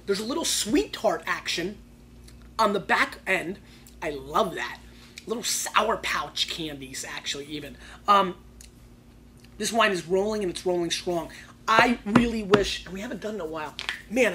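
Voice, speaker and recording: This wine show host is high-pitched and excitable, loudly critiquing bottles in slang and lurching from quiet asides to shouting. There's slight background noise.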